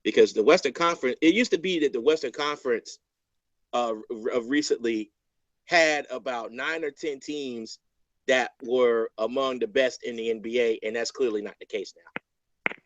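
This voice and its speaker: A man's voice: mid-range voice, normal speed, dry recording, muffled recording. A man hosting a casual sports podcast, asking long questions with many fillers and restarts. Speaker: podcast host.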